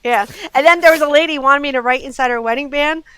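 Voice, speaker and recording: A jewelry store owner telling lively customer stories in casual chat, acting out what her customers said in a Southern US accent. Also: high-pitched, quick pace, no room sound, low-quality recording. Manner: lively anecdotes, acts out customers' quotes. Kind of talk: casual storytelling.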